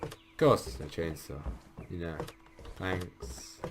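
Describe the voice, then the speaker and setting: A man's voice: low voice, takes it slowly. A young man giving casual let's-play commentary, thinking aloud with frequent ums as he plays. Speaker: gameplay commentator.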